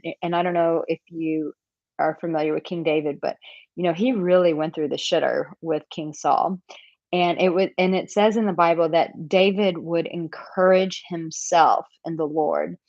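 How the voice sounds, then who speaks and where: A woman's voice: lowish voice, no echo, dull audio. A woman dating coach answering viewer questions in a live Q&A, candid and chatty, acting out example lines.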